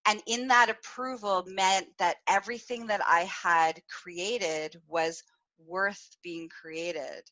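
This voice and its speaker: A woman co-hosting a podcast, telling a personal story in a candid, animated way and swearing freely. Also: mid-range voice, slow, dull audio. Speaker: podcast co-host. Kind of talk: casual podcast conversation.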